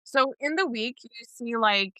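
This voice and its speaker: A woman co-hosts a podcast in casual chat. Her voice is bright and forceful, and she acts out what others said in put-on voices. The sound is dry and close to the microphone. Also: fairly high pitch, expressive, measured pace, clean tone, dry recording. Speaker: podcast co-host. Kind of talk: casual chat recapping a soap opera.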